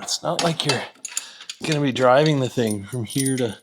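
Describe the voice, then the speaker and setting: A man's voice: medium pitch, moderate pace. A middle-aged man talks in a mid-range voice from a garage, wandering off into jokes about himself. He mutters half to himself as he works, recorded by a camera set up nearby. A faint hiss of noise runs under him. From Canada. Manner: rambling, joking, self-mocking, muttering while he works. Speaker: home mechanic host. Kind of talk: casual workshop vlog. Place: garage, lying under an old vehicle.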